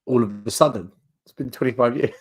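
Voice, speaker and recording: A man joining a live stream as a guest, talking in a calm, wry, matter-of-fact way. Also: medium pitch, brisk, breathy edge, low-quality recording. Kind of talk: casual chat.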